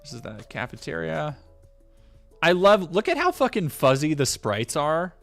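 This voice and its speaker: A man's voice: a little high, wildly swooping pitch, moderate pace, creaky, a bit bright, soft background music. A man streaming a game and commenting in a sarcastic, ranting, profane tone.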